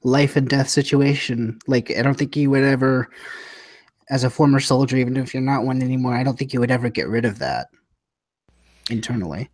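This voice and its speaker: A man's voice: medium pitch, fairly even intonation, brisk, a little mellow, no room sound. Hesitant man chatting on a podcast. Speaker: podcast co-host. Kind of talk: casual chat.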